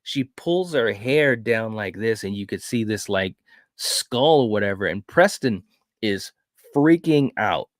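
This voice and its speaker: A man's voice: fairly low pitch, animated, a little slow, no echo, clean studio sound. A man co-hosting a casual podcast, retelling a horror film scene by scene in an enthusiastic, rambling way. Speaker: podcast co-host. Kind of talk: casual film review chat.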